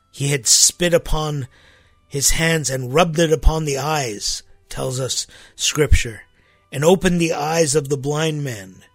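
A man's voice: medium pitch, fairly bright tone, no echo. A man hosting a Christian podcast, teaching on Scripture in a conversational, emphatic way with frequent asides and restarts.

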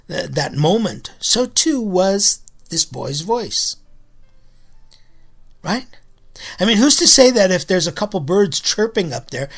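A man's voice: high voice, creaky, fairly bright tone. A man from Los Angeles preaching a conversational sermon, telling a personal story and asking his listeners rhetorical questions. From Los Angeles, United States.

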